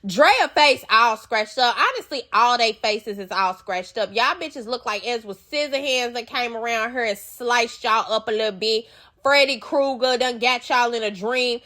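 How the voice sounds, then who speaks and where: A woman's voice: on the high side, bright, forceful tone. A woman hosting a casual reality TV recap, talking bluntly with heavy profanity and scolding the cast with sassy asides. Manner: sassy, drawn-out asides to the viewer.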